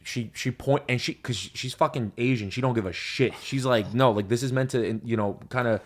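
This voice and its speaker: A young man hosting a podcast, telling stories in casual chat with lots of swearing and loud laughs at his own punchlines. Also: mid-range voice, normal speed. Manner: profane, animated storyteller, laughs loudly at punchlines. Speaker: podcast host.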